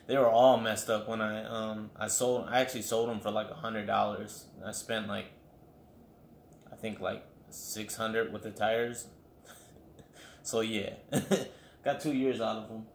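Dude rambling on his solo podcast at home, swears a lot, tons of like and you know, roomy echo. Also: fairly low pitch. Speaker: podcast host. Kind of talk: casual solo podcast monologue. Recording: echoey room with faint background noise.

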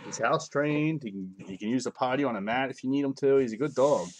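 A man's voice: mid-range voice, fairly quick, a little mellow, a little hiss or hum. A man hosting a live card break from home, rambling casually as he calls out each card he pulls. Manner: rambling and chatty, calling out cards as he opens packs. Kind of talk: casual live-stream commentary.

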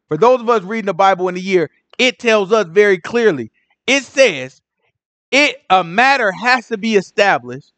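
High, animated man teaching Bible study. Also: no room sound. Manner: lively, conversational, repeats phrases, asks questions.

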